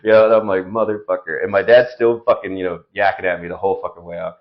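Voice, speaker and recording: A man's voice: low-pitched, fairly even intonation, rapid-fire. A man, a podcast guest, telling rambling, profane stories in a laid-back casual way. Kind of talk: casual storytelling. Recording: dull lo-fi sound.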